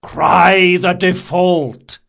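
A man voicing the chief demon of an arena, bellowing slow drawn-out calls in an audiobook. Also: level tone, creaky, exaggerated voice. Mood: commanding. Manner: booming drawn-out shouts.

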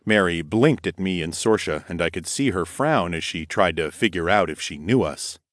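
Deep-voiced male audiobook narrator. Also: lively intonation, fairly bright tone, no echo, studio quality. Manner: measured storytelling. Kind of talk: first-person audiobook narration.

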